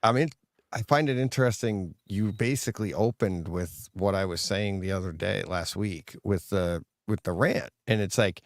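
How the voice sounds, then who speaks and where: Low-voiced co-host, dry sound. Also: male voice, moderate pace, no room sound. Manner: conversational, hesitant, frequent restarts. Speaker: podcast co-host. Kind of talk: casual live-stream chat.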